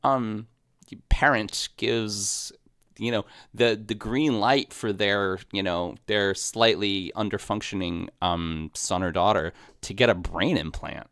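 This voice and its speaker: A man's voice: on the low side, slow pace, fairly bright tone, dry recording, clean studio sound. A man co-hosting a podcast in casual chat, rambling with restarts and laughing often. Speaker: podcast co-host. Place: podcast studio.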